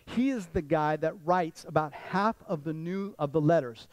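A man's voice: fairly high pitch, moderate pace, no room sound, poor audio. A man pastor giving a conversational sermon, often repeating words and restarting sentences.

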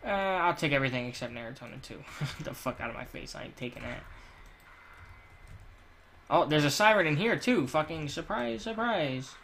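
A man's voice: on the high side, expressive, normal speed, gravelly, long pauses, fairly bright tone, slight background noise. A man giving crude, profane let's play commentary while he plays, ranting and joking. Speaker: gamer.

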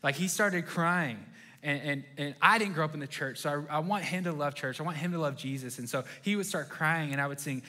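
A young man preaching to his congregation, his voice bright and ringing and pitched a bit above the usual. He tells his stories with animation and jumps into quick impressions of his own inner thoughts. The delivery is a lively, friendly sermon. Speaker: pastor.

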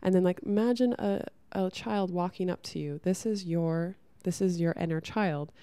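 A woman talking casually to camera about spiritual growth, chatty and soft, often saying "like" and restarting her sentences. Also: fairly low pitch, moderate pace, clear, resonant tone, dry recording. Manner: chatty, many "like" fillers and restarts.

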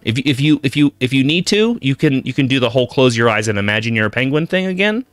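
A man casually telling a long joke, rambling and animated, addressing the listener directly. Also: medium pitch, fast talker, dry recording. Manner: rambling, animated, many fillers and restarts.

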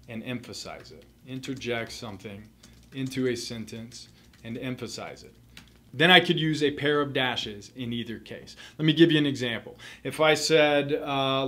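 A man's voice: fairly high pitch, fairly bright tone. A young man teaching a grammar lesson for test prep, methodical and repeating key points for emphasis.

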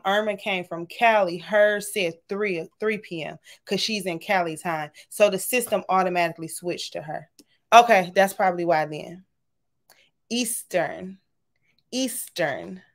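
A woman, casually chatting and signing off from a livestream, talking affectionately to her viewers. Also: medium pitch. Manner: warm, chatty, says y'all often. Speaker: livestream host. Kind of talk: casual livestream sign-off chat.

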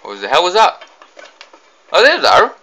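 A young man giving excitable let's play commentary, blurting reactions and mild swearing as he fights. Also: high voice, moderate pace, slight background noise, low-quality recording. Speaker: gaming commentator.

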